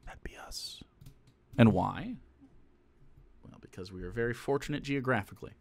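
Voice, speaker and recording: Animated, swearing male streamer. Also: mid-range voice, normal speed, vocal fry. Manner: animated, swearing, rambling with many fillers. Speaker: streamer commentator. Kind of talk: casual reaction commentary.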